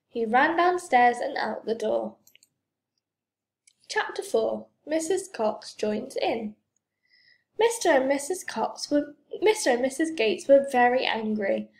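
A woman reading a children's storybook aloud in a gentle, expressive way. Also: on the high side, takes it slowly. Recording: roomy echo.

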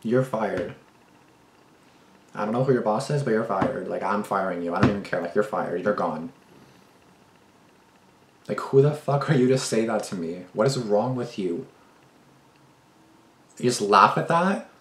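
A man's voice: on the low side, animated, a little slow, pauses often, roomy sound. A man hosting a reaction video, giving casual commentary with indignant, profane, rambling outbursts.

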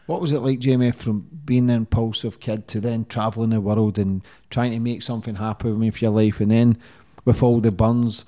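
A man hosts a podcast interview, with a voice that is very dark and mellow and a slightly low pitch. He talks in a blunt, eager way. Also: fairly even intonation, normal speed, hardly any pauses. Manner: blunt, enthusiastic. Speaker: podcast host. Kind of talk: casual interview.

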